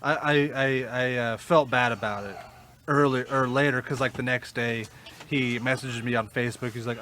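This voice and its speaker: A man's voice: medium pitch, steady tone, moderate pace, bright, forceful tone, a little hiss or hum. A man co-hosting a podcast, telling a rowdy story in casual chat, swearing and laughing as he goes. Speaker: podcast co-host.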